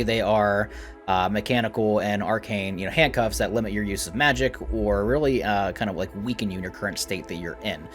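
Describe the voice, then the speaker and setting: Low-voiced man narrating a tabletop game. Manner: casual, hesitant with fillers. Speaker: game master.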